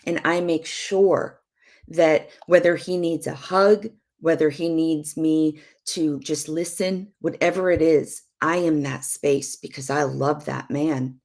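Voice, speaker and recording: A middle-aged woman giving emphatic, preachy marriage advice on a live stream, with soft asides now and then. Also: deep voice, steady tone, slow pace. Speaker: prophetess and show guest.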